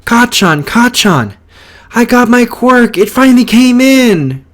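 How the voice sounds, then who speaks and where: A man's voice: slow pace, heavily acted. Man putting on a shrieking overjoyed little boy. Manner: shrill excited yelling. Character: excited little boy with new powers.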